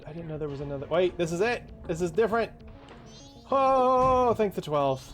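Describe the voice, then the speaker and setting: A man's voice: fairly high pitch, fast talker, faint music behind. A man casually commenting while playing a video game, muttering directions to himself with sudden surprised exclamations. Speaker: gaming streamer. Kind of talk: casual let's-play commentary.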